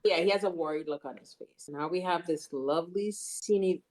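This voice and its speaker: A woman's voice: lowish voice, moderate pace, darkish tone. A woman co-hosting a podcast, laughing along and chiming in with short replies and scene notes. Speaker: podcast co-host. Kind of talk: casual recap chat.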